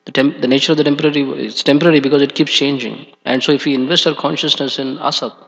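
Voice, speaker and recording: A man's voice: mid-range voice, fairly even intonation, fast talker, vocal fry, a bit bright. A man giving a scripture class in a temple hall, talking hesitantly with many fillers. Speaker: class speaker. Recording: dull echoey hall recording.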